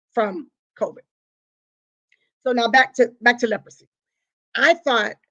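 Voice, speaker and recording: Woman, live-stream host, preachy and emphatic, higher voice, acts out confessions. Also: dull audio. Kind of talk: preachy talk to a live audience.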